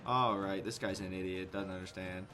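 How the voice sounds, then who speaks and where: A man's voice: sits low, fairly even intonation, normal speed, pushed and bright. A young man swearing and ranting as he comments on his own gameplay. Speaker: gamer. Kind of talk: casual gaming commentary.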